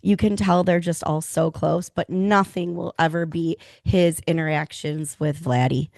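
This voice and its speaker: A woman co-hosting a podcast, chatting casually and telling stories with animated enthusiasm. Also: low-pitched, measured pace, creaky, dry recording. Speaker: podcast co-host. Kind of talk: casual chat.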